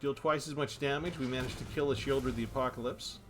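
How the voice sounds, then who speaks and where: A man's voice: mid-range voice, steady tone, a little fast, a bit bright, soft background music. A man giving casual commentary on a card game he is playing, thinking aloud about his moves.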